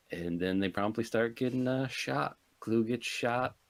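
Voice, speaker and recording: A man co-hosting a casual movie podcast, recounting a plot dryly in short, plain sentences. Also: medium pitch. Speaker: podcast co-host.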